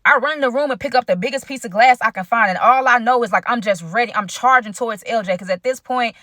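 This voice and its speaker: Animated young woman telling a story. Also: fairly high pitch, fast, no room sound, studio quality. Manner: animated, chatty, addresses viewers as y'all. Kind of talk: casual storytime vlog.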